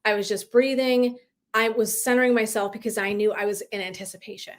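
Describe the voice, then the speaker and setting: Woman in her thirties, wellness coach, live-stream chat, animated, casual swearing, laughs. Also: mid-range voice, brisk.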